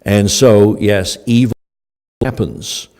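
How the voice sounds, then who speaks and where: An older pastor preaches slowly in a lowish, dark-toned voice, his sermon conversational and full of fillers and restarts. The church hall gives his words a long reverb.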